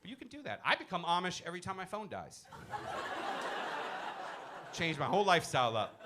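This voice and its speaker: A man performing a stand-up comedy set in a comedy club, talking loosely and dropping into quick character voices. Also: sits high, wildly swooping pitch, heavy background noise. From born in a Muslim-majority country. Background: audience laughter.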